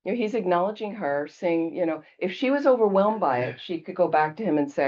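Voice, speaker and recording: A woman Buddhist teacher gives a casual dharma talk in an expressive, fairly low voice, speaking briskly over lo-fi sound. She tells stories conversationally and checks in with her listeners by asking "okay?".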